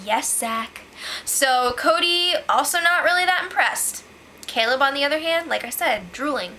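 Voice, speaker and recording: A woman's voice: high voice, lively intonation, normal speed, sharp tone, slight background noise. A woman recapping a reality show in a casual vlog, chatty and opinionated, saying "like" a lot. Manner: chatty and opinionated, heavy use of "like".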